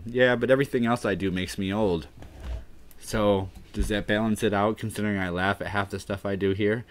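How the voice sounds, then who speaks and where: A man's voice: on the low side, fairly even intonation, fairly quick. A man hosting a casual livestream, tired and dry-mouthed from the heat, rambling as he reads chat aloud and trails off unsure. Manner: rambling and self-deprecating, trailing off with "I don't know". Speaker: livestream host.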